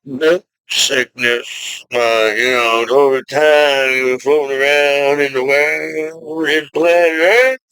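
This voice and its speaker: A man in his forties from the United States, talking slowly in a rambling vlog monologue full of "you know" fillers, with sudden loud outbursts. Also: medium pitch, fairly even intonation, clean tone, dry recording, rough recording. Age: 40s. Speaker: vlogger.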